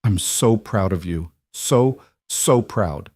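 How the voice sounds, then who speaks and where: A man voicing a gentle, caring woman on a ranch in a soft, reassuring way. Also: low-pitched, expressive, slow pace, no echo, studio quality, full character voice.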